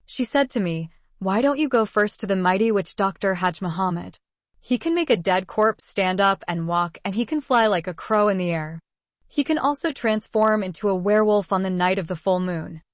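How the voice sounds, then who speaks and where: A woman's voice: mid-range voice, expressive, moderate pace, no echo, close to an everyday voice. A woman reading a sweet, spoiled teenage girl. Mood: pouting.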